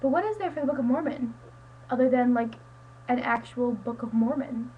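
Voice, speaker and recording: A woman's voice: a little high, normal speed, lo-fi sound, a little hiss or hum. A teenage girl chatting casually to a friend on her webcam, rambling with lots of "like" and "um". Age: teens. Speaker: student vlogger. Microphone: webcam mic.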